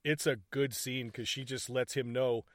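A man's voice: mid-range voice, moderate pace, no room sound, clean studio sound. A man chatting casually about a film, swearing freely and acting out its lines. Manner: profane, animated, acts out scenes in quoted voices.

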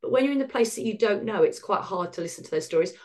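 A middle-aged woman speaks as a guest on a podcast. Her delivery is candid and wry, animated as she tells her story, slipping into the voices of people she quotes. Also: mid-range voice, fast talker.

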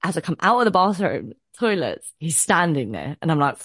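A woman, co-hosting a podcast and telling an animated story full of swearing and acted-out quotes. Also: low voice, brisk. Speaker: podcast co-host. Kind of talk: casual storytelling chat.

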